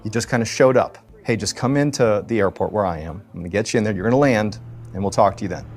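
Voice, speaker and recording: A man voicing a cautious male air traffic controller who gives calm, reassuring instructions. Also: on the low side, quick pace, lightly acted.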